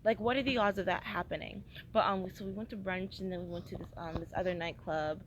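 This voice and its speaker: A woman's voice: medium pitch, steady tone, quick pace, a little hiss or hum, low-quality recording. A young woman vlogging a casual travel diary, tired and hungover, rambling with lots of fillers and scolding herself. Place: airport waiting area.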